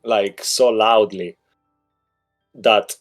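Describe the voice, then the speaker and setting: A man's voice: fairly low pitch, steady tone, very slow, faint music behind. A man narrating as dungeon master of a tabletop game over a voice call, in a loose, rambling way with lots of fillers. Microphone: headset or desk mic on a voice call.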